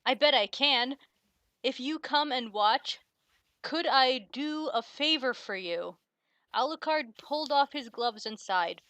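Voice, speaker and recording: A woman's voice: sits high, lively intonation, slow pace, a bit bright, no room sound. A woman hosting a comic read-aloud of bad fan fiction, laughing often and swearing in exasperation. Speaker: host of a fan fiction reading stream.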